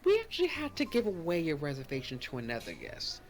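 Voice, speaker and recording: A woman's voice: sits low, huge pitch swings, quick pace. A woman playing a snooty restaurant hostess, speaking with a fake French accent in a polite, evasive way.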